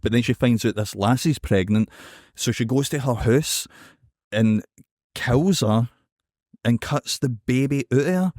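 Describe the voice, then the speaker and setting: A man with a Scottish accent co-hosting a podcast, telling a story in an animated, sweary way and checking in with "right?". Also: medium pitch, measured pace, dry recording, clean studio sound. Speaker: podcast co-host. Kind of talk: casual chat.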